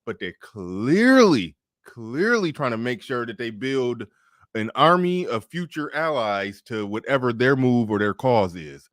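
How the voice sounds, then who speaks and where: A man's voice: mid-range voice, very animated, measured pace, a bit bright, no echo, studio quality. A man hosting a podcast in casual political chat, loose and profane, laughing often and restarting his sentences. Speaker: podcast host.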